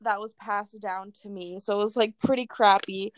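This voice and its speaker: A woman's voice: mid-range voice, steady tone, normal speed, no echo. A young woman telling a crude personal story in casual chat, swearing freely and laughing often.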